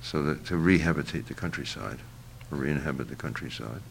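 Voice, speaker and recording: Older man with a very deep, gravelly voice. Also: a little hiss or hum. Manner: halting, searching for words, many fillers and restarts. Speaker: interviewee. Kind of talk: reflective interview answer.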